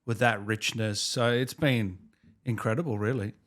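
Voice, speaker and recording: A man's voice: on the low side, fairly even intonation, normal speed, a bit bright. A man in his thirties hosting an interview, talking in an easygoing, enthusiastic way. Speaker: podcast host. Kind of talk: casual interview chat.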